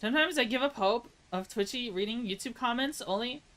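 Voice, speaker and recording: A woman's voice: on the high side, brisk, a bit bright, low-quality recording. Woman, American accent, casual live-stream chat, laughs at her own jokes. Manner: tries mock German accent voices.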